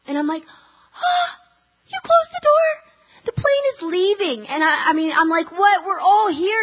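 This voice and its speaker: A woman's voice: high voice, lo-fi sound. A young woman preaching at a church conference, telling a personal story in a chatty way, with lots of ums and restarts and laughing asides. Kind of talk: storytelling sermon.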